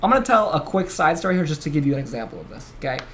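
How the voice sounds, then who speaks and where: Fast-talking, profane male podcast host. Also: fairly high pitch, slight background noise. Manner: profane, excitable storytelling. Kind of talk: casual chat.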